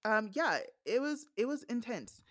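A woman's voice: a little high, sing-song, unhurried, a bit bright, no room sound, clean studio sound. A young woman recapping a book in a casual podcast chat, frank and amused, with many fillers. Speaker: podcast co-host recapping a novella. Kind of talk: casual chat, reading quotes aloud.

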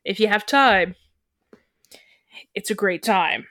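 A woman's voice: mid-range voice, slow pace, a bit bright, no room sound, clean studio sound. A woman from western Canada co-hosting a podcast in casual chat, rambling and restarting her thoughts as she goes. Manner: chatty, trails off and restarts mid-thought. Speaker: podcast co-host.

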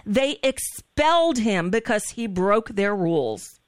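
A woman's voice: medium pitch, sing-song, slow, dry recording, studio quality. A woman hosting a political talk radio show, upset and shaking with anger, stammering through emphatic outbursts. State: shaken and upset.

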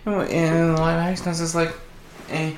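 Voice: medium pitch, little pitch movement, quick pace. A co-host chatting casually, with frequent hesitant restarts. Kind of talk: casual chat. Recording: echoey room.

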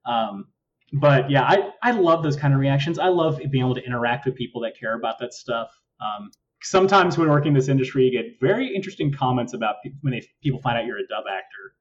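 A man's voice: mid-range voice, animated, fast talker, slight background noise. A man who works as a voice actor, chatting casually as a podcast guest, laughing often and telling stories. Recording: distant, dull remote audio.

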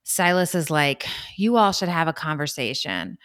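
Low-voiced woman recapping, dry close mic. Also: clear, resonant tone, no echo. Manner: animated storytelling, quick asides and laughs. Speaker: podcast co-host recapping a reality show. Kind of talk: casual chat.

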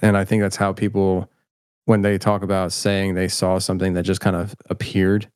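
A man's voice: low-pitched, completely flat delivery, normal speed, a little mellow, clear, resonant tone, no room sound, clean studio sound. A middle-aged man chatting casually as an interview guest, rambling and self-deprecating with many restarts. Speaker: podcast host, guest filmmaker.

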